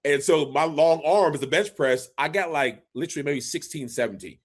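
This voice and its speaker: A man in his forties co-hosting a casual sports podcast, an animated storyteller who acts out quotes as he recalls his playing days. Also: a little high, moderate pace. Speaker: podcast co-host, former NFL fullback.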